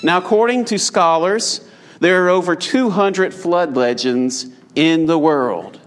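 Preacher, higher-pitched man. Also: a little slow. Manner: conversational, addresses the audience directly. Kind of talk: evening sermon.

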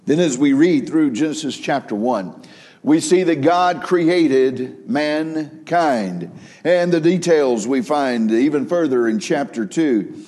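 A man's voice: a little high, animated, slow pace, a little mellow. A male pastor preaching a sermon, telling folksy stories and rising into emphatic preaching. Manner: folksy storytelling with a preaching rise; laughs at his own joke.

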